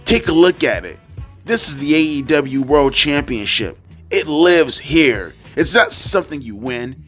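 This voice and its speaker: A man reading a grandiose male wrestler's speech aloud in a mocking, overblown way that builds to shouts. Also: on the high side, animated, measured pace, faint music behind, voice pushed up. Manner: mock-dramatic, rising to shouts.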